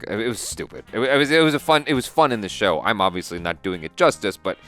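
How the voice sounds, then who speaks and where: A man's voice: lowish voice, lively intonation, fast, a bit bright, faint music behind. A man co-hosting a reaction show, talking animatedly in casual chat and acting out his own thoughts.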